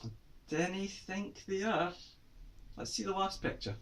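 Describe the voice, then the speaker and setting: A man's voice: high-pitched, unhurried. A Scottish man giving a playful lesson on Scots words to children, quizzing them with questions. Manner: lively, quizzing kids with questions.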